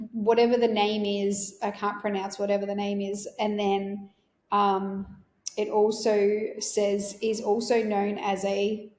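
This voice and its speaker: A woman's voice: mid-range voice, a little mellow. Earnest woman in echoey room. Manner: emotional, earnest, rambling. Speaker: podcast host. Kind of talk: personal storytelling.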